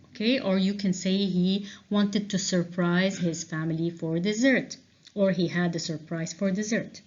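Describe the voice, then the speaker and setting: A woman teacher going through revision answers with a class, explaining slowly and checking in with frequent "okay?"s. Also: fairly low pitch. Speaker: English teacher. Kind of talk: revision lesson walkthrough. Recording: dull lo-fi recording.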